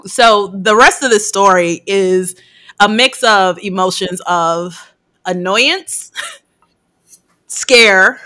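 A woman's voice: mid-range voice, extremely slow, long pauses, pushed and bright. A woman co-hosting a casual podcast, retelling a film scene by scene, swearing freely and laughing often as she acts out the characters' lines. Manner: laughs often mid-sentence while recounting. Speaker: podcast co-host.

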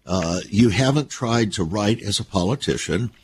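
Male radio host, lively pitch, folksy preacher manner, faint hiss. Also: normal speed. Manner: folksy, preacherly, addresses listeners as friends. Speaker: radio talk show host. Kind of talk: radio interview and commentary.

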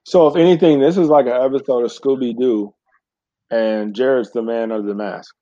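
A man with a mellow, darker voice who drops wisecracks and swears freely in relaxed podcast talk. His pitch sits in the middle for a man. The sound is muffled and lo-fi. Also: normal speed. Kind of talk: casual podcast chat.

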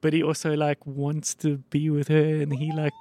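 A male podcast host in casual chat, rambling quickly with lots of fillers and the odd swear. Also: on the high side, monotone, mellow, no echo. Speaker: podcast host running a mock video store.

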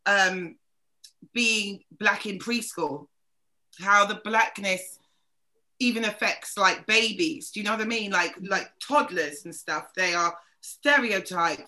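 A woman chats on a panel podcast, her voice bright and forward. She is an animated storyteller who breaks into laughter at her own anecdotes, and her pitch sits in an ordinary middle range. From South London. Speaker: podcast co-host. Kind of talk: casual panel chat.

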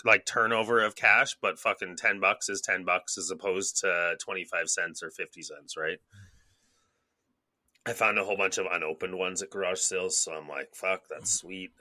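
A low-pitched man in his thirties from Canada chats loosely on a podcast, with a bright, forceful edge to his voice. He rambles, swears freely and acts out his own thoughts in little quoted asides. The sound is dry and close. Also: no echo. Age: 30s. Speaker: podcast co-host. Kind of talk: casual chat.

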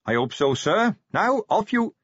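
A man's voice: sits high, sing-song, measured pace, a bit bright, husky, dry recording, lo-fi sound, voice pushed up, heavily acted. A man reading an audiobook, voicing an earnest, eager young male watch captain who sounds keen, dutiful and reassuring.

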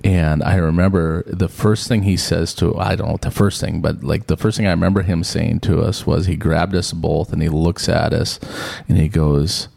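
Gravelly low-voiced man telling his story. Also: moderate pace. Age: middle-aged. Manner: rambling, self-deprecating, animated when quoting others. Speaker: podcast co-host. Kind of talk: casual storytelling chat.

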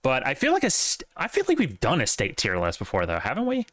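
A man's voice: medium pitch, wildly swooping pitch, fast talker, fairly bright tone. A man co-hosting a casual podcast chat, opinionated and rambling, with plenty of fillers. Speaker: podcast co-host.

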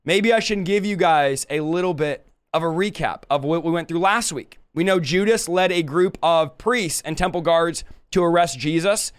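A man hosting a revival podcast, teaching through a Bible book in a casual, energetic and playful way. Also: a little high, normal speed, hardly any pauses, clean tone.

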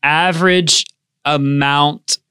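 A man's voice: on the high side, fairly even intonation, slow pace, bright, forceful tone, smooth, dry recording, clean studio sound. A man co-hosting a casual podcast, chatting and laughing often and poking fun at himself. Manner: laughs often, self-deprecating. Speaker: podcast co-host. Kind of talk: casual chat.

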